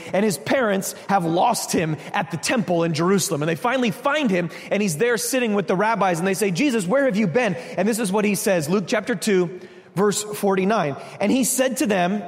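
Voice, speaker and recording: A man preaching a sermon as a pastor, animated, acting out quotes. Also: high voice. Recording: reverberant hall.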